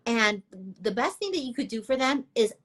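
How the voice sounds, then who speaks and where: A woman's voice: on the high side, lively intonation, moderate pace, fairly bright tone. Reassuring woman guest on a live chat. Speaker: guest, pigment brand founder. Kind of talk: casual live interview.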